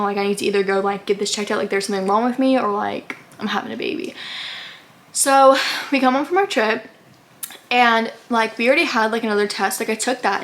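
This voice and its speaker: With a medium-pitched voice and a slight hiss or hum on the recording, a young woman vlogger rambles through her own story. She leans heavily on "like" and performs other people's lines.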